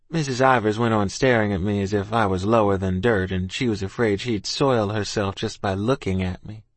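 A man's voice: fairly low pitch, moderate pace, few pauses, no echo. A man reading a first-person audiobook in a plain, folksy storytelling manner. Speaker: audiobook narrator.

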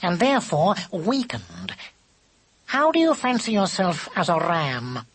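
Male reader doing a sly male storybook cat, higher and lilting, slow mocking drawl. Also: huge pitch swings, background noise, exaggerated voice. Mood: teasing. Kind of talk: audiobook character voice.

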